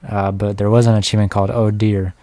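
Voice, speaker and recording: This is live gameplay commentary from a young male streamer who chats and cracks jokes to himself while playing, with game music underneath. He talks fast in a warm, lowish voice that barely moves in pitch.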